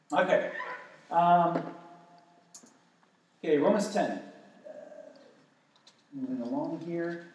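A man teaching the Bible to a small group, excited and often restarting his words. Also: a little high. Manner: enthusiastic, stumbling restarts. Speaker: preacher. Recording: echoey distant room recording.

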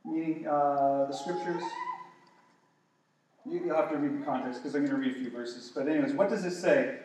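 A man teaching the Bible to a small group, excited and often restarting his words. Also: a little high, normal speed, background noise. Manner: enthusiastic, stumbling restarts. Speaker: preacher. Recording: echoey distant room recording.

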